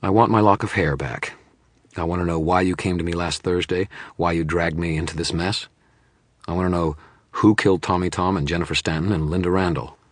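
A man's voice: low-pitched, steady tone, fairly quick, dry recording. A man voicing a hard-pressed male wizard detective who presses for help in an urgent, insistent way. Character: hard-pressed male wizard private eye, weary and stubborn.

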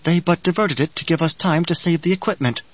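A man voicing a young desert woman who speaks tersely and quietly. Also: on the high side, fast talker, no room sound, lo-fi sound, voice pushed up, natural voice.

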